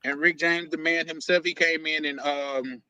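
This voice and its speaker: A man hosting a casual live stream from his basement office, asking teasing questions in a halting, repetitive way. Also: fairly high pitch, fairly even intonation, bright, forceful tone, clear, resonant tone, no room sound, low-quality recording. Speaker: stream host.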